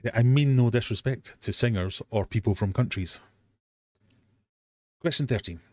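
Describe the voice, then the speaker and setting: A man's voice: mid-range voice, moderate pace, a little mellow, no room sound, clean studio sound. Chatty English man hosting a quiz. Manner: chatty, self-mocking, easily sidetracked, bursts into silly sung bits. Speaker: host of a live quiz hangout. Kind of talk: casual live-stream quiz hosting.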